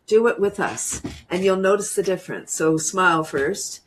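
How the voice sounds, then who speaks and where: Over a video call, a bubbly interview guest leads viewers through a laughter yoga demo, laughing frequently while coaching them through the exercise. She has a lowish voice and normal speed, and the audio carries a little hiss or hum.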